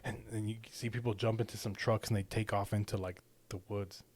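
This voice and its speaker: A man's voice: lowish voice, flat delivery, a little fast, darkish tone. A man, a father and podcast co-host, telling a story casually and rambling, swearing a lot and checking in with his listener. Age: young adult to middle-aged father. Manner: rambling, profane, keeps checking in with 'right?'.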